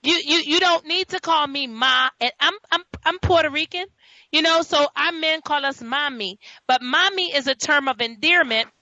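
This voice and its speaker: A woman's voice: high voice, normal speed, no room sound. A woman from New York hosting a talk show, telling stories in casual chat with laughing asides. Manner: storytelling, laughing, animated asides. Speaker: host. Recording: dull lo-fi audio.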